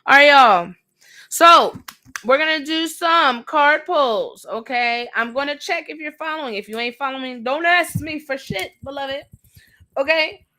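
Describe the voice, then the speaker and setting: A woman's voice: high-pitched, unhurried, pushed and bright. A woman hosting a livestream tarot reading, talking bluntly in slangy, casual speech and repeating phrases for emphasis.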